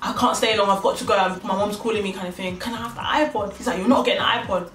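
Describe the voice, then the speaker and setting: A woman's voice: mid-range voice, quick pace, few pauses, fairly bright tone, a little hiss or hum. A young woman telling a story in a casual, slangy way, acting out both sides of it. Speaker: vlogger. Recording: echoey room, mic at a distance, faint music.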